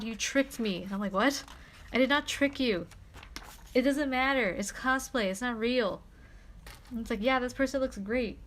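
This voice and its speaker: In a casual chat, a young woman streamer with a mid-range voice tells a story. She's animated and scatters fillers like "like" and "you know" throughout.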